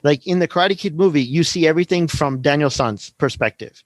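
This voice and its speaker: In a brisk, higher-pitched voice with no room sound, a man in his forties hosts a podcast, casually rambling through a story as he teaches and often adding "right?"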